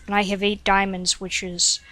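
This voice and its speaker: A woman's voice: medium pitch, level tone, moderate pace, pushed and bright. A woman giving rambling, digressive commentary while playing a game at home, talking to her cat now and then into a desk microphone. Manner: chatty, digressive, frequent "like" and "um"; talks to her cat between game remarks. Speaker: gaming commentator. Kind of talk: rambling let's-play commentary.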